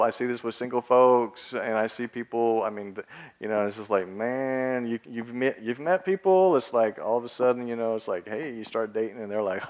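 A man preaching a casual, conversational sermon, full of slang and acted-out quotes. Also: medium pitch. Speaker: pastor.

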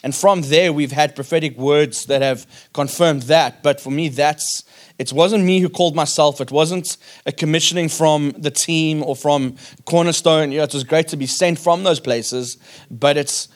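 A man's voice: a little high, fairly even intonation, normal speed. Earnest man telling a church story. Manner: earnest, storytelling, repeats words while thinking. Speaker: church planter on a panel. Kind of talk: panel discussion at a church conference.

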